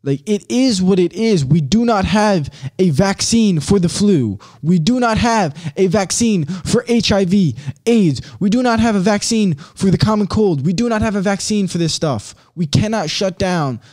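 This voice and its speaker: A man's voice: high voice, expressive, moderate pace, a little mellow. A man hosting a podcast alone, giving a casual rant in a blunt, fired-up way, swearing and using slang. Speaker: podcast host.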